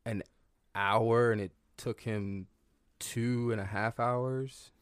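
A man's voice: mid-range voice, steady tone, slow, smooth, no echo, studio quality. A man guest on a podcast, casually telling family stories in a loose, profane way with lots of fillers. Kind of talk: casual storytelling.

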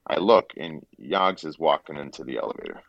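A man's voice: extremely low pitch, lively intonation, fairly quick, vocal fry, no room sound, highs cut off. A middle-aged man, a former player turned broadcaster, telling a rambling anecdote in an interview and acting out the quotes. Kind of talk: casual storytelling in an interview.

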